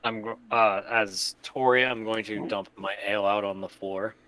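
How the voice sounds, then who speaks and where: Bright-voiced, hesitant male player. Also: on the low side, steady tone, normal speed, rough recording.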